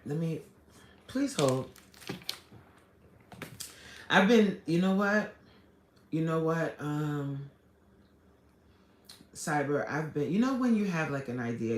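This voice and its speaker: A fitness coach, chatting casually on a live stream as she reads viewer comments and answers them. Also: rumbling low. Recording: echoey room.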